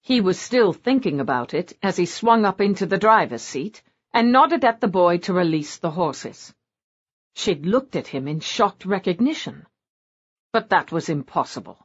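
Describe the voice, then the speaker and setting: Woman with a lively, dull-toned narration. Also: lowish voice, unhurried. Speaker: audiobook narrator. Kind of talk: scripted narration. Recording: dull lo-fi audio.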